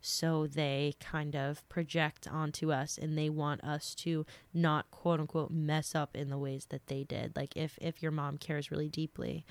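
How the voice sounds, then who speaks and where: A woman's voice: low-pitched, dry recording. A young woman hosting a podcast, talking through listener questions in a chatty, earnest way with lots of fillers, a little sick. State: slightly sick. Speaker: podcast host. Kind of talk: casual advice talk.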